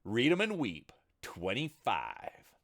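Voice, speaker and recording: An eager young woman gamer with a cocky, upbeat way of talking, as a man puts her on. The voice sits well above the narrator's low pitch. It is part of a narrated tabletop tale. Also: very animated, fast.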